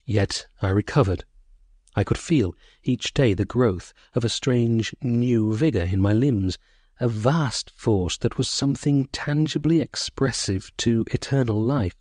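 A man narrating a short story as an audiobook, in a measured, sorrowful first-person voice. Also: medium pitch, a little mellow, dry recording.

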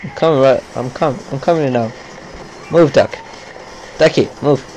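Slow, cursing gamer man. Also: medium pitch, a little mellow, low-quality recording. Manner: cursing, grumbling running commentary. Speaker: gameplay commentator. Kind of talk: live gameplay commentary.

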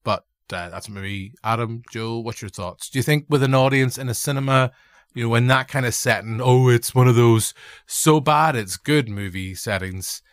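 A man's voice: medium pitch, normal speed, no echo, clean studio sound. A man with a Northern Irish accent, hosting a casual film podcast chat in a rambling, jokey way. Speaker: podcast host.

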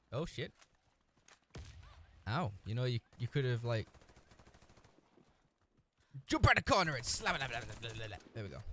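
A man's voice: medium pitch, fairly bright tone. A man giving live commentary over his own shooter gameplay, swearing constantly, trash-talking other players and cracking jokes between frustrated outbursts. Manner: frustrated outbursts and joking asides. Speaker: gameplay streamer. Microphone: desk mic with a camera, no headphones.

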